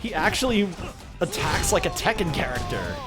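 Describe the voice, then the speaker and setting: A man casually commenting on gameplay as a streamer, excitable and swearing freely. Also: on the high side, normal speed, music in the background. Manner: profane, excitable.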